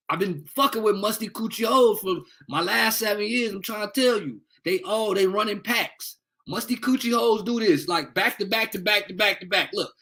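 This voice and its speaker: A man's voice: high-pitched, vocal fry, pushed and bright. A young man on a heated livestream rant, angry and profane, taunting commenters. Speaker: livestream host.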